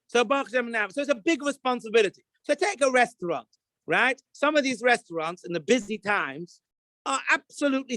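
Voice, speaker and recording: A man, a rabbi, talking casually about kosher supervision, acting out little scenes and now and then bursting into shouts. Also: very high-pitched, no echo. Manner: animated storyteller, acts out scenes, jumps to shouts. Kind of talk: casual talk to camera.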